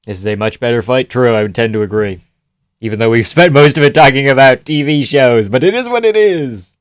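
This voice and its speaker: A man hosting a live fight reaction stream, chatting casually with viewers, reading chat and cursing as he yells at the action. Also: mid-range voice, fairly even intonation, fairly quick, clear, resonant tone. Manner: swears freely, yells at the fight; reads and answers chat. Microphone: desk mic, gain adjusted live.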